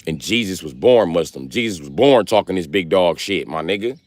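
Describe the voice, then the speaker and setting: A man's voice: sits low, lively intonation, fairly quick, no room sound. A man giving a profane, rambling, joking rant on a casual livestream, talking outdoors in public.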